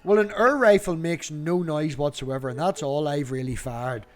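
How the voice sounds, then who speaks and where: A man's voice: fairly high pitch, moderate pace. A man with a Northern Irish accent from near Newry, hosting a casual hangout chat and talking bluntly with plenty of swearing. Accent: Northern Irish, Newry border area. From Northern Ireland, near Newry. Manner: blunt, swearing, chatty storyteller. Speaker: stream host. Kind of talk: casual chat on a video call.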